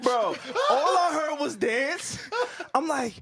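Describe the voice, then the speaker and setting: A man's voice: extremely high pitch, expressive, takes it slowly, bright, forceful tone. A man, co-hosting a podcast in casual group banter, teasing his friends in slang and laughing often. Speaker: podcast co-host.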